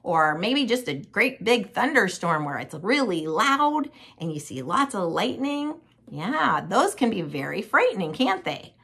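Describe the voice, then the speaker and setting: A woman telling a Bible story to young children in an animated, sing-song manner, like a children's Bible teacher. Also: mid-range voice, unhurried, vocal fry, slightly rough.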